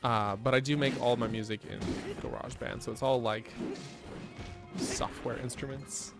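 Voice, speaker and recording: A man's voice: mid-range voice, steady tone, normal speed, music in the background. A man chatting casually on a game live stream, joking and reading the chat aloud. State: a little out of breath.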